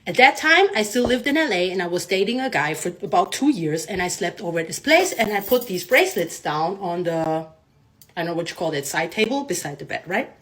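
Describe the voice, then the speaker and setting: A woman telling a personal story to camera in casual style, animated, often adding "right?" and acting out what people said. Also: fairly low pitch, very fast, slight background noise. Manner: animated, frequent "right?" tags, acts out quotes. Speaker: storyteller vlogger.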